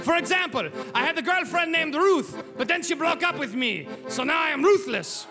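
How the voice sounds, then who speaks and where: A man in his thirties doing stand-up comedy with a heavy put-on French accent and shouted punchlines, on a large theater stage. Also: extremely high pitch, lively intonation, normal speed. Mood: deadpan. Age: 30s. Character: man with thick fake French accent, hapless. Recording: stage mic with loud crowd and music. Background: loud crowd and music.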